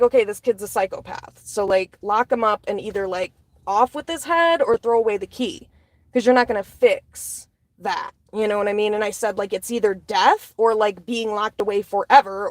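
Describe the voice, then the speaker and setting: A woman's voice: a little high, no echo. Angry profane woman ranting. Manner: profane, blunt, heated. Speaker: commentator.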